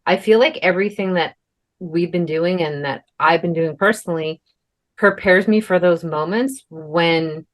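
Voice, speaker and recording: Young adult woman, podcast co-host; lower pitch, casual rambling storyteller. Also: normal speed. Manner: chatty storytelling with many fillers and swearing. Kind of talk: casual chat.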